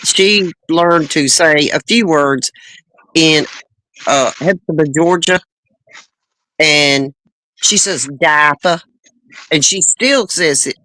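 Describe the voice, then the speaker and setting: Slow, halting panelist with a bright, tense voice and a dry sound. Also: medium pitch, no echo. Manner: halting, repeats and restarts. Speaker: chat panelist. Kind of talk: casual chat.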